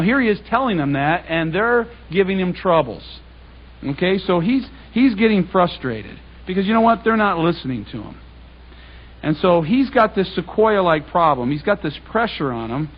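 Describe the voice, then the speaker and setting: A man delivers a talk to a congregation in an animated, conversational way, retelling scripture in plain everyday speech. His voice sits high and sounds somewhat husky. The recording is dull and lo-fi. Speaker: public speaker.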